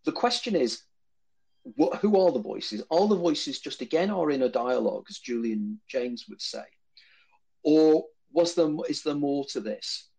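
A man's voice: fairly high pitch, lively intonation, a little slow, creaky, darkish tone, husky. A man speaking to a live audience in a lecture-style discussion, talking at length and repeating words as he thinks. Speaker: guest speaker answering an audience. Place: live event room.

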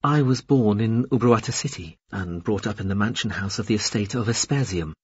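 A man's voice: fairly low pitch, a little fast, husky, no echo, highs cut off. A man reading the part of an uneasy young woman who speaks hesitantly.

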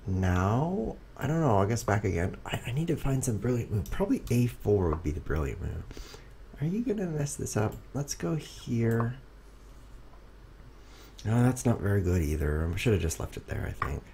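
A man with a low, mellow voice commentates his own chess games for a stream, joking at his own expense and talking straight to viewers. His pitch swings widely, leaping up when something happens on the board and sinking to low mutters as he thinks, with a faint hiss of noise behind him. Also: moderate pace, vocal fry. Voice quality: animated, jumps high when excited, drops to mutters. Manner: goofy, self-mocking, talks to viewers. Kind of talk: casual live commentary while playing. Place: home room. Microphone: streaming setup.

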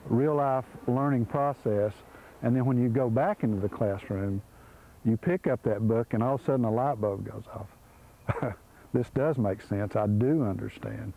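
A man's voice: mid-range voice, normal speed, phone-quality sound. A man, earnestly explaining a creek education program in an interview, with frequent restarts. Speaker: program organizer. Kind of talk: documentary interview.

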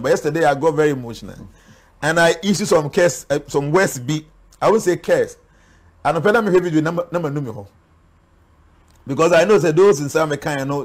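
A man with a Ghanaian accent, a spiritual guest speaking earnestly in an interview, warning and preaching. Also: a little high. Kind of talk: interview talk mixing Twi and English.

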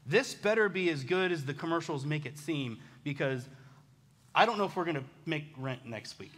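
A pastor in his thirties preaches in a relaxed, self-mocking storytelling way. His voice sits a little high and rings bright. The sound carries a long reverb from the church hall. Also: normal speed. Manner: casual, self-deprecating storytelling. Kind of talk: sermon. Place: church sanctuary.

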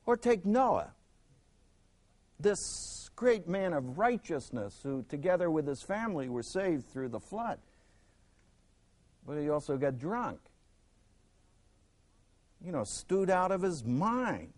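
A man teaching a Bible lesson, dramatic, swinging from loud emphasis to a near hush and acting out the people in the stories. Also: fairly high pitch, big pitch swings, takes it slowly, pauses often. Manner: acts out quoted speakers in the stories.

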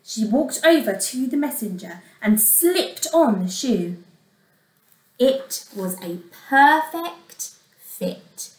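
Expressive woman teacher reading a fairy tale. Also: fairly high pitch, takes it slowly, echoey room, recorded from a distance, low-quality recording. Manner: expressive, asks the listeners questions. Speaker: primary school teacher. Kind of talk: reading a storybook aloud to young children.

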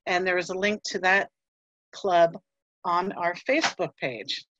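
A woman's voice: on the low side, a little slow, highs cut off, background noise. A woman librarian presenting library resources on a museum livestream, then chatting in a friendly way with a colleague. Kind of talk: presenting a talk, then casual discussion.

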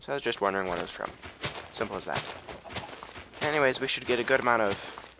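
A young man chatting his way through a game at his desk, tired and a little cracked in the voice, with a low, gravelly tone that still sounds bright and sharp. He rambles and pokes fun at himself, and faint keyboard clicks tick along behind him. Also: expressive, fast talker, slight background noise. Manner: rambling, self-deprecating, chatty asides. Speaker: let's play gamer. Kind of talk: casual game commentary.

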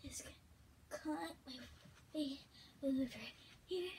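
A woman chatting casually in a gymnastics tutorial vlog, rambling and sometimes dropping into soft, whispery asides. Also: sits high, animated, normal speed, long pauses, a little hiss or hum. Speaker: vlogger teaching gymnastics.

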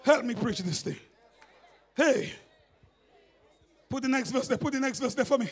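Gravelly high-voiced Grenadian preacher. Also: male voice, measured pace, pauses often. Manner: animated, laughing, builds to shouting. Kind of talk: storytelling sermon. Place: church.

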